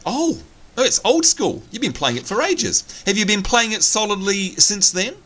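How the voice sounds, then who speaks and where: An Australian man hosting a casual game commentary, chatty, excitable and teasing, talking over a headset. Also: sits high, normal speed. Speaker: host.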